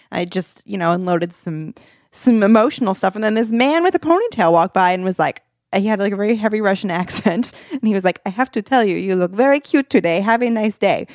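A woman's voice: mid-range voice, dry recording, studio quality. A woman co-hosting a casual dating podcast, telling stories with frequent laughs. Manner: laughing storyteller. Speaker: podcast co-host.

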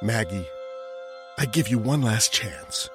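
A man voicing a sinister, possessive toy maker monster in a dramatic horror story, calm and smiling with a menace that breaks into raving. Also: on the low side, slow. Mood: sweetly menacing. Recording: music behind the voice.

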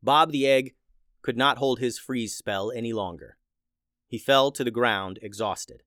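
A man narrating a children's adventure story in a steady, plain way. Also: medium pitch, a little slow, dry recording, clean studio sound.

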